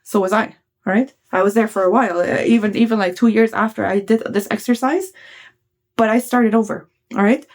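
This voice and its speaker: A woman's voice: medium pitch, fairly even intonation, a little fast, darkish tone. A woman giving blunt, casual self-help advice to her viewers, swearing freely and checking in often with "okay?". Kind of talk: casual motivational talk.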